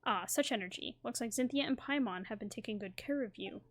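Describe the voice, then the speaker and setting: A courteous, formal male scholar, read aloud by a woman in her own everyday voice. His speech is careful and apologetic, with measured pauses. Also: a little high, natural voice. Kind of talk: reading game dialogue aloud.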